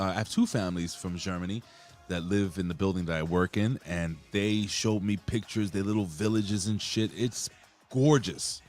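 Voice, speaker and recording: Lively low-voiced man hyping viewers. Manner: loud, jokey, swears, shouts out viewers. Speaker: podcast co-host reading chat. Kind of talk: casual wrestling podcast chat.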